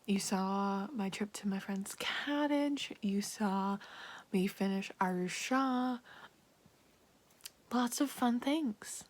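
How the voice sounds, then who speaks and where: A woman's voice: medium pitch, slow pace. A woman with a Canadian accent chatting casually to camera as a book vlogger, giggly and full of likes and ums.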